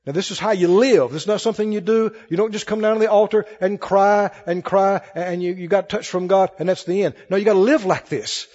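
High-voiced preacher in an echoing hall. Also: male voice, a little fast, hardly any pauses, darkish tone. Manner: emphatic preaching, calls for congregation responses. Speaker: pastor. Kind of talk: sermon. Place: church hall with congregation. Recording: lo-fi recording in a reverberant hall.

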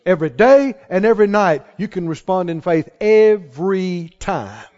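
A man preaching a sermon in a church, acting out the quoted voices of others and rising to shouts of conviction. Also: high-pitched, moderate pace. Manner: animated, acts out quoted voices, rises to shouts. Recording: reverberant hall, dull lo-fi sound.

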